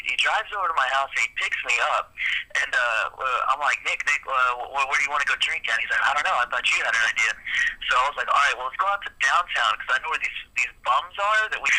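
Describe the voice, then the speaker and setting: A man's voice: on the high side, pushed and bright, husky, rough recording. A young man telling a rambling story in a mock documentary interview, stammering and restarting often.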